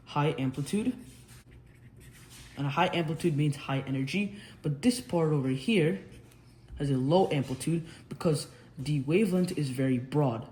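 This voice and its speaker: A young man with a fairly high, slightly mellow voice tutors casually on physics while drawing at a whiteboard, frequently restarting sentences and correcting himself. The recording sounds roomy, with faint background noise.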